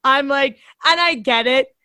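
A young woman tells stories in casual chat, her voice high and bright. She talks animatedly, laughs often and swears freely. The sound is close and dry, with no room around it. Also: measured pace, no echo.

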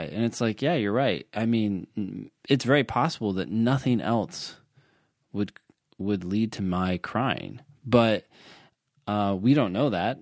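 Male tutor, low voice, patient and repetitive, dry recording. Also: unhurried, dry recording. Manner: explains patiently with examples, repeats points. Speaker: LSAT tutor. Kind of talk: casual teaching chat.

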